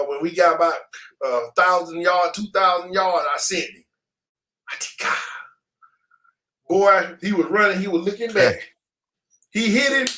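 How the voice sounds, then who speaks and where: A high-voiced man, appearing as an interview guest, relates his story informally. His speech is energetic and slangy, with sounds he acts out personally.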